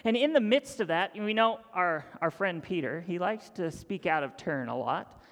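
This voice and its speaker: A young man preaching a sermon, telling a Bible story dramatically, sometimes dropping to a near-whisper and sometimes acting out excited voices. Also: high voice, normal speed, vocal fry. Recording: long hall reverb.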